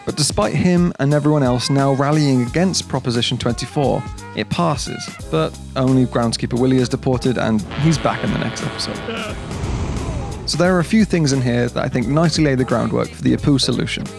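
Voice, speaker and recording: A man reads his scripted video essay in a measured, explaining tone. His mid-pitched voice has a gravelly rasp at the ends of phrases. Faint music plays underneath. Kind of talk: scripted narration.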